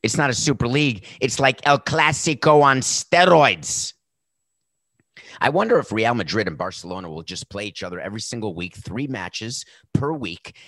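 A man's voice: medium pitch, bright, forceful tone, no room sound, clean studio sound. A man hosting a sports talk show, delivering a sarcastic, mocking commentary monologue.

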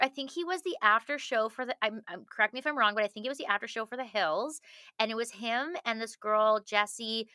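Bright chatty woman from Canada. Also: a little high, dry recording, clean studio sound. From Manitoba, Canada. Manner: chatty and laughing, with frequent restarts. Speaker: guest. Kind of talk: casual conversation.

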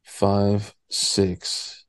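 A young man talking in an easygoing, meandering way, full of "like" and restarts. His voice sits a little low. He is chatting on a podcast from a cabin. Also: completely flat delivery, very slow. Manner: rambling, filler-heavy, laid-back. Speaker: podcast co-host. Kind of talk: casual chat. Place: rented cabin, indoors.

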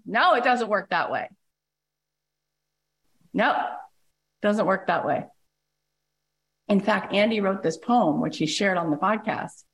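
A woman podcast host giving a passionate, emphatic motivational talk to her listeners. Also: medium pitch.

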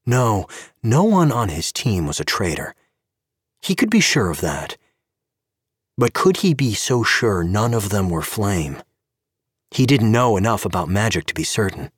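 A man giving an expressive scripted narration of an audio story. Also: lowish voice, a little slow, pauses often, breathy edge, no room sound, studio quality.

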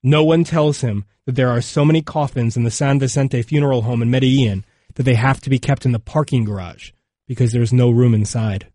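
Somber, measured male documentary narrator. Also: mid-range voice, warm tone, no echo, clean studio sound. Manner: measured, somber, unhurried delivery.

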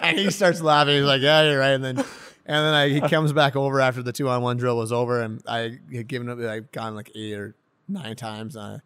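A young man, a professional hockey player, chatting casually in an interview, excitable and rambling, laughing often. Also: medium pitch, brisk, clean tone, no echo. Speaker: pro hockey player guest.

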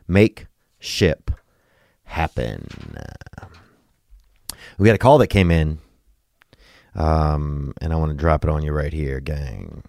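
A man's voice: extremely low pitch, animated, slow pace, vocal fry, pauses often, darkish tone, no echo, studio quality. A man, hosting a podcast in a laid-back, rambling, joking way. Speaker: podcast host. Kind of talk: casual podcast chat and ad read.

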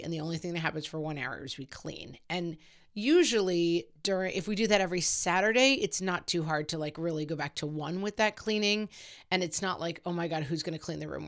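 A woman hosting a casual parenting advice podcast, talking chattily with a self-deprecating humor and lots of "like"s. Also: on the low side.

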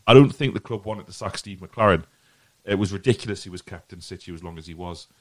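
A football podcast host talks casually in a low, fast voice, rambling through his earnest opinion and often repeating himself. There's no room sound on the recording.

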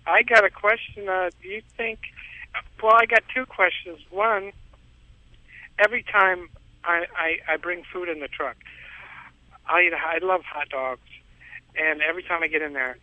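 A man's voice: high-pitched, steady tone, normal speed, long pauses, dry recording. A man calling in to a radio show, telling a long rambling story with frequent chuckles, heard over a tinny phone line. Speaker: caller.

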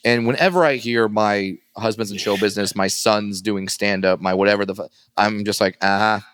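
A man who works as a stand-up comedian, telling stories in a casual interview and animatedly acting out other people in a high voice. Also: normal speed, clear, resonant tone, dry recording, clean studio sound. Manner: animated, acts out quoted voices in a high pitch.

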